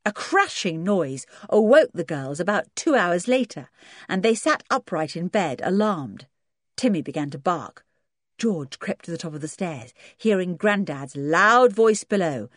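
Woman reading a kids audiobook, lowish voice, measured, dry close sound. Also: no room sound. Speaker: audiobook narrator. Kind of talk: storybook narration.

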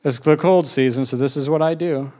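A man's voice: fairly high pitch, a little fast, a little mellow, natural voice. A man voicing a weary little ghost crab that talks about its seasons in a plain, matter-of-fact way. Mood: resigned.

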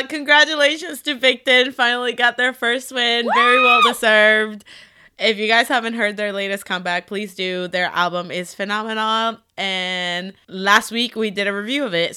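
A young adult woman hosting a podcast, chatty and excitable, chatting casually with friends. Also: mid-range voice, smooth. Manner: chatty and excitable, quick to gush. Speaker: podcast host. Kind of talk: casual chat.

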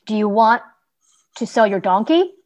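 A woman's voice: mid-range voice, animated, normal speed, darkish tone, lightly acted. A woman voicing a blunt, cold adult male tanner in a storybook reading. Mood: curt. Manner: curt, blunt.

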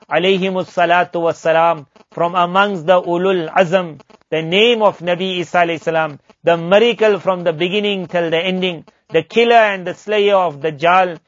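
High-voiced man teaching a religious lesson. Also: no room sound. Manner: chants Arabic verses rapidly, then explains slowly in English. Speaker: Islamic teacher. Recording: dull lo-fi recording, dry.

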